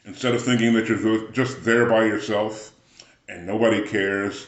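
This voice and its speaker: Slow, deep-voiced man musing on faith. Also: steady tone, echoey room. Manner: rambling, musing, frequent throat-clearing. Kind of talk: spiritual motivational talk.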